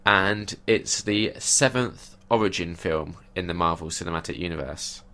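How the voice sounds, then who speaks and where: A man's voice: low-pitched, normal speed, pushed and bright. A man co-hosting a podcast, giving opinionated, casual takes on a film. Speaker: podcast co-host.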